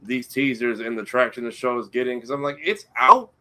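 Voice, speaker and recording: A man co-hosting a casual pop-culture podcast, talking in a relaxed, slangy, enthusiastic way. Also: medium pitch, brisk. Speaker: podcast co-host. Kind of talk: casual chat.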